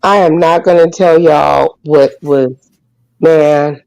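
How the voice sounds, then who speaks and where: Excitable woman host yelling at her dog. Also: deep voice, slow, creaky, clear, resonant tone, dull audio. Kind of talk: casual live chat.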